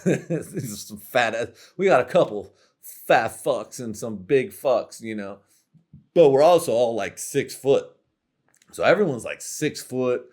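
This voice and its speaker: A young adult man hosting his own show, rambling through a crude, profane comedic monologue full of slang and frequent laughter. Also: fairly low pitch. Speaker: podcast host.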